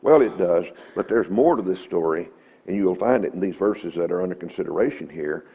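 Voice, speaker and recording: A man's voice: low voice, animated, a little fast, mellow, husky. A man giving a folksy, emphatic Bible lesson in a church, quoting scripture. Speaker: Bible teacher.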